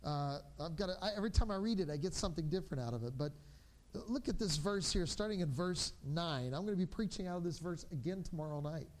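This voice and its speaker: Animated male pastor, higher voice. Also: quick pace. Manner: animated storytelling, acting out his children's voices. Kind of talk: sermon.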